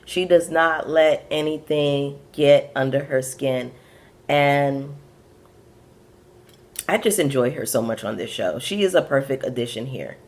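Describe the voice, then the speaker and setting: A woman's voice: extremely low pitch, measured pace, a little mellow. A young woman from Brooklyn with a Caribbean-tinged Brooklyn accent, recapping reality TV in sassy, frank asides to her viewers. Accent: Brooklyn with a Bajan and Caribbean patois touch. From Brooklyn, USA. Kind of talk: casual recap commentary.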